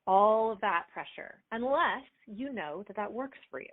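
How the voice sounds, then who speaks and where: A middle-aged woman coaching athletes, answering interview questions in an animated way, acting out little bits of dialogue. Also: medium pitch, moderate pace, dry recording. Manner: animated, acts out quoted dialogue with fillers. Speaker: performance coach, guest. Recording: tinny phone-like line, dry.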